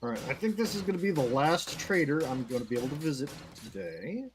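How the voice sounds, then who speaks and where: A man playing a co-op game with the host, chatting casually and tossing in dry, quick one-liners. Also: a little high, expressive, music in the background. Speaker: co-player and regular guest. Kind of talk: casual co-op gameplay chat.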